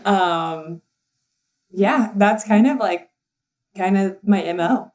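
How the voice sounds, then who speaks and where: A young adult woman, an assistant and content writer, is a guest on a podcast, chatting casually in an interview and telling a giggly, rambling story full of fillers and laughter. Her voice is medium-pitched and darkish, and she takes it slowly.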